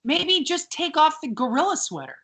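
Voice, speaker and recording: Animated woman podcast host, lively pitch. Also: moderate pace. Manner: animated storytelling, acts out quotes in other voices. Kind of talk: casual chat.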